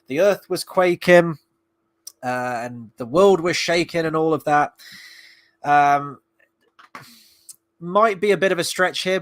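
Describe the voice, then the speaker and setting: A man's voice: a little high, fairly bright tone. A man talks through his review of a television episode in a loose, unscripted way. His voice sits slightly above the usual male range. He wanders between points, stops and restarts often, and lets a sarcastic streak show. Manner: rambling and sarcastic, with frequent fillers and restarts. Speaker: film and TV reviewer. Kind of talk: casual spoken review.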